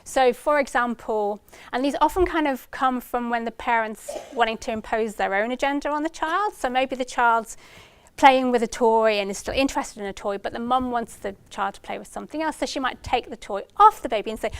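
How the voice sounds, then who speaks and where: A woman lecturing an audience in a clear, smooth and fairly high voice, recorded close and dry. She explains with example after example, lifting her voice when she imitates what parents say. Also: brisk, no room sound. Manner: explanatory, gives examples and acts out parents' lines in a lifted voice. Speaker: university researcher giving a talk. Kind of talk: lecture to practitioners.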